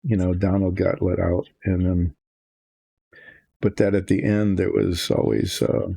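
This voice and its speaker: A man's voice: low-pitched, little pitch movement, unhurried, vocal fry, warm tone, breathy edge, no room sound. An older man chatting casually as he works on a model, rambling through asides. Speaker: hobby model painter. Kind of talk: casual narration while working.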